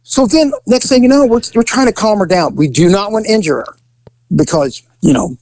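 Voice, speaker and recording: A middle-aged man telling a story in casual chat, acting out voices with big jumps in pitch. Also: animated, brisk, darkish tone, no room sound, low-quality recording.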